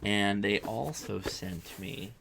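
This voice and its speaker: Gravelly-voiced man hosting a live Q&A. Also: fairly low pitch, slow pace, background noise. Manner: chatty, rambling, self-correcting. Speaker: livestream host answering viewer questions. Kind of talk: casual live-stream Q&A.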